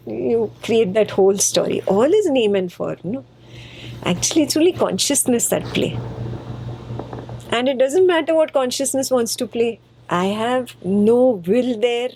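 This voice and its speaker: A woman's voice: a little high, warm tone, a little hiss or hum, poor audio. A woman teaching a spiritual text to her students. She is patient and playful and repeats phrases for emphasis.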